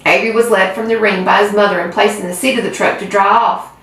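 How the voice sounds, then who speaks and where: A woman who hosts a reading channel, reading a children's book aloud with gentle storytelling. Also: medium pitch, steady tone, fast talker. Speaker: reader. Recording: roomy, far from mic.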